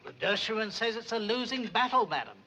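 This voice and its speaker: An actor playing a stiff, long-suffering butler who speaks in a formal, mannered and dryly deferential way. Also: male voice, high voice, lively intonation, brisk, bright, forceful tone, muffled recording, a little hiss or hum.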